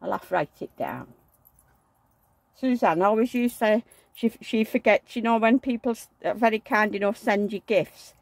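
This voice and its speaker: Working away, the doll-collecting vlogger offers blunt, chatty commentary, fond toward her dolls and grumpy about her neighbours. She speaks in a mid-range, slightly mellow voice with vocal fry, at a moderate pace, on a dry recording.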